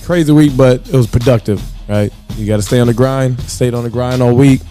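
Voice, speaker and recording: A mid-pitched man co-hosts a casual podcast with an upbeat, teasing manner. Light music plays underneath. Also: steady tone, a little fast, warm tone. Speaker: podcast co-host. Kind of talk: casual chat.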